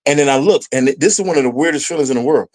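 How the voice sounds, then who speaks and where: Man, middle-aged, podcast guest, casual storytelling, animated, mid-pitched voice. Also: racing, rough recording. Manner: animated storyteller, voices his past self rising in pitch.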